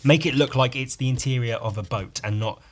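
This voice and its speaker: A man's voice: medium pitch, brisk. A man hosting a podcast alone, rambling sardonically with frequent swearing and self-mocking asides. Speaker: podcast host. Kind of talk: casual solo commentary.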